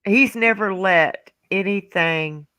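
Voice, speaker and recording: A middle-aged woman, chatting casually and telling a funny story with lively acted-out voices. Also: mid-range voice, takes it slowly, no room sound. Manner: animated storyteller, acts out voices. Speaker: trivia night participant.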